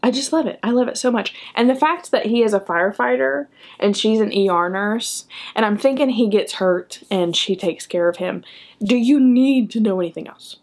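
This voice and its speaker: A young woman chatting enthusiastically in a book vlog, often tagging her remarks with a quick "okay?". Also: mid-range voice, darkish tone. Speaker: book vlogger. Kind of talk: casual chat.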